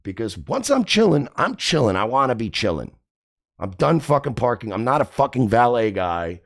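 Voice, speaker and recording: A man hosting a radio show, telling a story in a casual, profane, animated way. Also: medium pitch, normal speed. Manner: profane, animated, acts out quotes.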